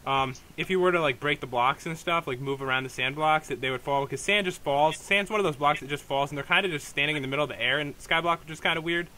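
Young male let's play host, bright and a bit high, rambling with fillers, faint noise behind. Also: fast, hardly any pauses. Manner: rambling, hesitant, many fillers and restarts. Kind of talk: casual gameplay commentary.

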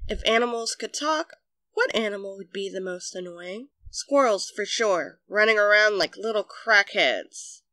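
A narrator reading online comments aloud in a deadpan way with sudden bursts. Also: medium pitch, a little slow, no room sound. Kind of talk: scripted narration.

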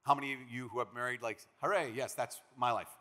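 A man from Minnesota, a priest giving a conference talk, an animated storyteller who acts out the quotes he tells. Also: mid-range voice, quick pace. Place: large conference hall. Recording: long reverb of a big hall.

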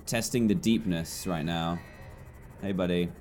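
An English man in his twenties, animated and speaking at a moderate pace, talks through his own gameplay as a YouTuber while faint music plays behind. His chatty, jumpy commentary ranges from low mutters to loud yelps.

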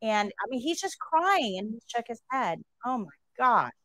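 A woman's voice: on the high side, big pitch swings, moderate pace, fairly bright tone, dry recording, rough recording. A woman nursing instructor telling a story to her class during a livestream, asking rhetorical questions as she goes.

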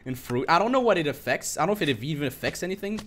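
A young man giving excitable, swearing commentary while streaming a game live, repeating himself when things go wrong. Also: fairly high pitch, racing, a little hiss or hum.

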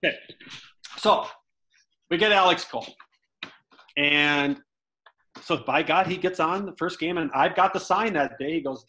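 A man's voice: on the high side, moderate pace, long pauses, low-quality recording. A middle-aged man casually telling baseball stories in an interview, acting out the quotes he tells. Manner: animated storyteller who acts out quotes with swearing.

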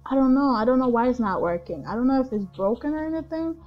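A young woman casually commentating her own game play at home into headphones, rambling and excitable with lots of fillers. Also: high voice, fast talker. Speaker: gaming channel host. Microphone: headphone mic. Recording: dull lo-fi headphone mic with faint music.

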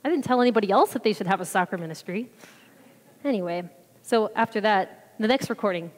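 Woman, mid-pitched, lively testimony storyteller, church hall with long reverb. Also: brisk. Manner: animated, acts out her own reactions. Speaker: church member giving a mission trip report.

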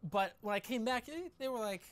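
A young man from New Hampshire talks quickly as a guest in a casual interview, his sentences full of "like". He recounts his story in a rush of half-finished clauses. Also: extremely high pitch, lively intonation, faint music behind. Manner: fast, filler-heavy storytelling.

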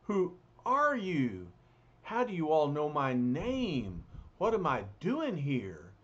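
Guy doing a gruff big brute, loud and blustery, slow, dull lo-fi sound. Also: fairly high pitch, wildly swooping pitch, exaggerated voice. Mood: confused. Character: gruff, angry hulking man. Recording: muffled lo-fi recording, faint hiss.

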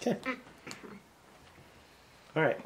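A man narrating a tabletop game as game master, slow and halting with many fillers. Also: a little hiss or hum.

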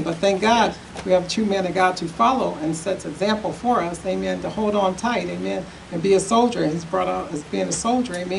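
A woman's voice: medium pitch, gravelly, recorded from a distance, rough recording. A woman giving a church testimony who says amen after nearly every phrase.

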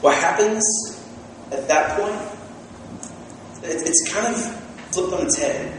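Casting: young male pastor, high voice, lively storytelling sermon, recorded far off in a church. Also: takes it slowly, slight background noise. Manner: animated storytelling with acted-out quotes. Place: church sanctuary. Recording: echoey hall from far off.

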